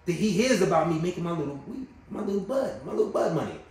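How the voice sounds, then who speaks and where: A man from Brownsville, a podcast guest telling prison stories in a casual, animated way and acting out the voices. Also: high-pitched, quick pace. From Brownsville, New York. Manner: animated, acts out voices in his stories, keeps checking in with the listener. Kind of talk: casual storytelling. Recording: echoey room, distant mic, faint noise.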